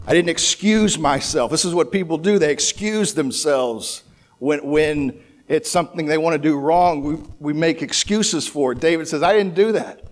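A man's voice: a little high, normal speed. A man preaching a verse-by-verse sermon, talking it through conversationally with restarts and rhetorical questions. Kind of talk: sermon, verse-by-verse Bible teaching.

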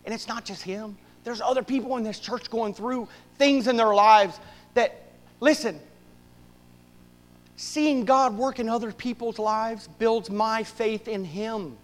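A man preaching a sermon to his church, swinging from loud bursts to hushed asides. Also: high voice, a little slow, in a large hall, poor audio. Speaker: pastor.

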